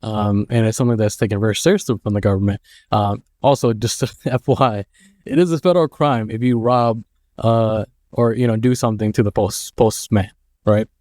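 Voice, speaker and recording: A man in his thirties with a dark, low voice gives casual advice, rambling and halting as he goes. The sound is dry and close. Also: steady tone, dry recording. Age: 30s. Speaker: mail carrier and vlogger.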